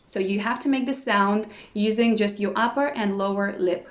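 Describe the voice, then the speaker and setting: A woman teaching an online language lesson, pronouncing each word slowly and repeating it several times. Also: mid-range voice. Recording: roomy echo.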